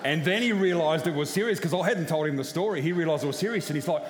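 Pastor preaching in an echoey hall. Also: male voice, on the high side, quick pace, few pauses. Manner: conversational storytelling, frank and lively. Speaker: senior pastor. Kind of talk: sermon with personal story.

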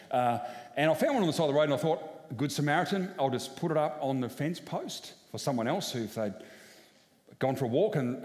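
A man's voice: mid-range voice, a little mellow. A man, a senior pastor telling a personal story in a frank, conversational way during a sermon. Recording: echoey church hall.

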